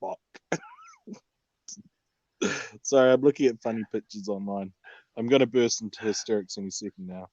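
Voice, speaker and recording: A man's voice: lowish voice, moderate pace, long pauses, a little mellow, no echo. Jokey man on a dry, muffled mic. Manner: jokey, chatty asides. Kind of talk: casual chat.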